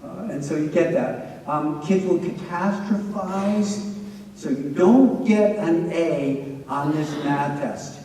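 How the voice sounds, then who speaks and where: A man's voice: a little high, slow, dark tone, far from the mic, slight background noise. Middle-aged man lecturing in an echoey hall. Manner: chatty, anecdotal, with frequent "you know". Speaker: presenter. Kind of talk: lecture to students. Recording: echoey hall heard from afar.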